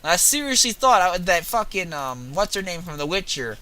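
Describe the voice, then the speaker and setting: A young man giving casual, profane, excitable commentary while playing a video game. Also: sits high, normal speed. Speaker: gaming video host.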